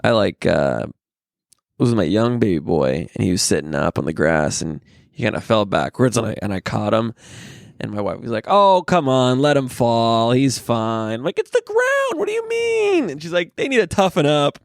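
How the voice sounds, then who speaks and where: A man's voice: on the low side, very animated, normal speed, vocal fry, dry recording. Podcast co-host, young adult man, rambling anecdote teller, dry studio mic. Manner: rambling storyteller, laughs mid-sentence, swears. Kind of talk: casual chat.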